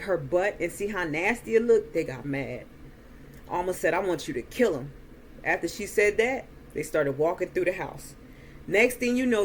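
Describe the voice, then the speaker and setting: A woman slowly retelling a movie's plot in a chatty way, acting out the characters' lines. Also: lowish voice, slight background noise. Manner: slow, chatty retelling with quoted dialogue. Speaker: movie reviewer. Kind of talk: casual movie recap.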